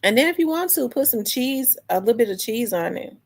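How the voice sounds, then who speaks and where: A woman's voice: on the high side, lively intonation, brisk, vocal fry. A woman hosting a casual livestream, chatting with viewers in a loose, rambling way. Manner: chatty, restarts and talks back to chat comments. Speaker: livestream host. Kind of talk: casual chat with live viewers.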